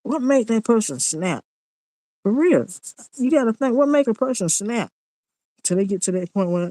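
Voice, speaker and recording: A man's voice: high-pitched, sing-song, moderate pace, long pauses, mellow, dry recording, rough recording. A man, ranting in a casual monologue vlog, blunt and preachy and repeating himself.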